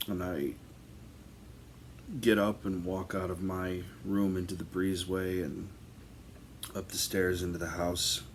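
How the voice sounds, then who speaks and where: A man with a very low voice tells a personal ghost story in an unhurried, casual way. He rambles, with plenty of ums and false starts. A faint hiss sits under his voice. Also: flat delivery. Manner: rambling, filler-heavy, conversational.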